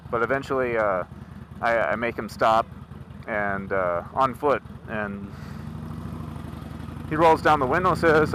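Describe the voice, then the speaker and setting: Outdoors on a noisy recording, a motorcycle vlogger animatedly tells the story of a confrontation, acting out both sides. His medium-pitched voice moves at a normal speed in this casual storytelling.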